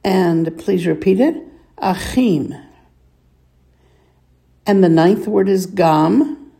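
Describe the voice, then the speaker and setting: A woman's voice: fairly low pitch, mellow. A woman teaching a reading lesson, patiently sounding out words and asking the listener to repeat them. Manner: patient, clears throat often, sounds words out slowly. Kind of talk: slow reading lesson with repeat-after-me drills.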